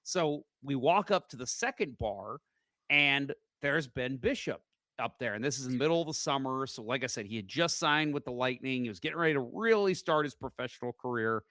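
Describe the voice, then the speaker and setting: A man from St. Louis hosting a podcast in casual chat, an animated storyteller who acts out the voices he quotes. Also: mid-range voice, fairly quick, no echo, studio quality. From St. Louis, USA. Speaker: podcast host.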